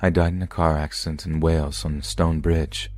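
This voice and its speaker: A man voicing the ghost of a young man killed in a drunk-driving crash, speaking quietly, flatly and with regret. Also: very deep voice, normal speed. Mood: regretful.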